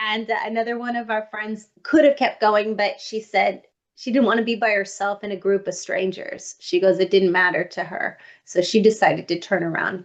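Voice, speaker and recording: A woman guest on a podcast, telling a personal story in an animated way and acting out what others said. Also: medium pitch, highs cut off.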